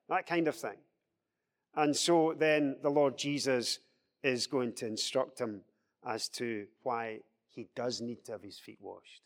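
A man leading a Bible study discussion, explaining scripture with lively acted-out quotes. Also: medium pitch, a little slow, in a large hall. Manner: animated, acts out quoted speech in a raised voice.

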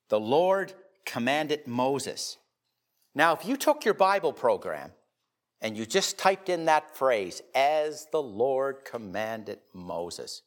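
A man preaching a sermon, telling a personal story in a conversational way, dropping to quiet confiding tones and rising into loud emphatic bursts. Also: medium pitch.

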